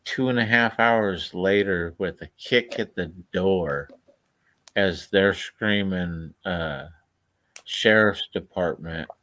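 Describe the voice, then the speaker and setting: A man's voice: deep voice, slow pace, fairly bright tone, no echo. A man telling a long story in casual chat, laid-back and profane, laughing as he goes.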